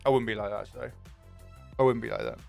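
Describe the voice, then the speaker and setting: A man's voice: mid-range voice, steady tone, creaky, soft background music. A young man, chatting casually and jokingly with his stream viewers, swearing freely. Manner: chatty, jokey, quick to swear.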